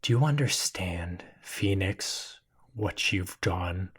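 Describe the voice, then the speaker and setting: A man's voice: low-pitched, animated, slow pace, a bit bright, breathy edge, pitched below the performer's own voice, exaggerated voice. A man voicing a menacing man who turns into a drain monster, speaking in a hissing whisper that rises to a roar.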